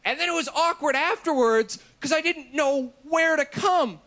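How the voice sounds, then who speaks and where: A man in his twenties doing a stand-up routine on a TV comedy show, deadpan with sudden shouted bursts. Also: very high-pitched, normal speed. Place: TV studio stage before an audience.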